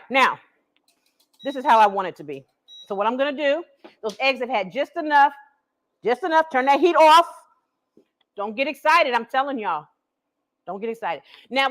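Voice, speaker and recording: Woman, high voice, live cooking host, chatty, home kitchen. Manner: chatty, laughing, talks straight to viewers. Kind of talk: live cooking stream chat. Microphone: camera she set up herself.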